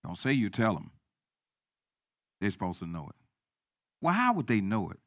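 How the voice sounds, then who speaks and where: A man's voice: lowish voice, huge pitch swings, normal speed, no room sound. Emphatic preacher man, dry close sound. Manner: repetitive, emphatic, swings from quiet to loud. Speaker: pastor. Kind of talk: sermon.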